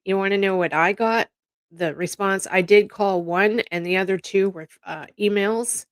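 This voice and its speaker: A woman's voice: mid-range voice, moderate pace, no room sound, clean studio sound. A middle-aged woman hosting a casual chat, blunt and exasperated, swearing freely. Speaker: psychic channel host.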